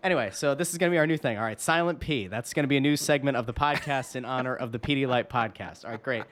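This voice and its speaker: A man co-hosting a casual hockey podcast, talking in an animated, mock-indignant rant. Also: medium pitch, quick pace. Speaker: podcast co-host.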